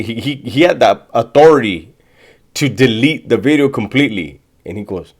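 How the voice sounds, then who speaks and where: A man on the panel mocking the host and weighing in with animated, opinionated commentary. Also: mid-range voice, moderate pace.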